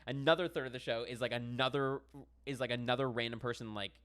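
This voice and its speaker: A man's voice: mid-range voice, steady tone, fast talker, fairly bright tone, smooth. A young man from Pittsburgh, a comedian chatting on a podcast, rambling with lots of "like" and "dude". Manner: rambling, heavy use of "like" and "dude". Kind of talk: casual podcast chat.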